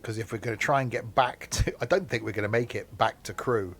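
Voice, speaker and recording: A man's voice: mid-range voice, brisk, fairly bright tone. A man chatting casually while streaming a train simulator, rambling off into asides. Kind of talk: casual gameplay commentary.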